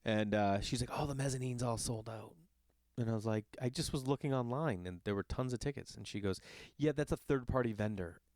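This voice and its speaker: A man who is a father, hosting a podcast and telling a long casual story in an animated, exasperated and profane way. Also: mid-range voice, a little fast, clear, resonant tone, dry recording. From Los Angeles area. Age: adult with children. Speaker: podcast host.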